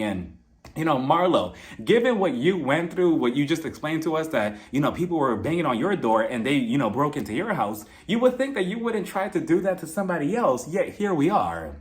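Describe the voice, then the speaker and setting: A man's voice: on the high side, sing-song, a little fast. A young man giving a casual, gossipy recap of a reality TV episode, with exasperated asides. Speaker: reality TV reviewer.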